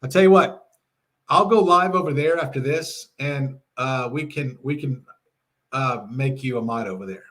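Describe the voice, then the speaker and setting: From his home RV, a middle-aged man hosts a casual livestream, chatting with viewers and reading their messages aloud with frequent laughs. His voice is mid-range and a bit bright, at a moderate pace.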